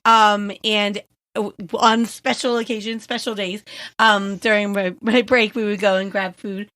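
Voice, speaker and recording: A bubbly woman co-hosts a casual travel podcast, enthusiastic and quick to agree. Her voice is close and dry on a studio microphone. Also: mid-range voice, little pitch movement, fairly bright tone, dry recording. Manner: bubbly, enthusiastic, many fillers. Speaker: podcast co-host. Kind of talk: casual chat.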